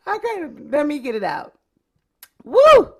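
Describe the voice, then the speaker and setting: Woman, gossip host, unhurried delivery, animated and giggly. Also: a little high. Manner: animated, breaks into uncontrollable laughter. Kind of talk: casual commentary reading news.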